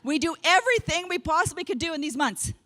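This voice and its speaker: A woman from Canada giving a humorous keynote speech, an animated storyteller who acts out what people said. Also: very high voice, quick pace, big-room sound. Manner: animated storyteller acting out quotes. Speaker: keynote speaker. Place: large conference hall.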